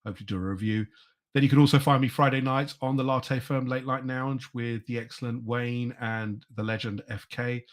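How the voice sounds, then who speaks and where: A man in his thirties, a podcast guest, talking excitedly in a casual chat. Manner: excitable, animated, quick pitch jumps.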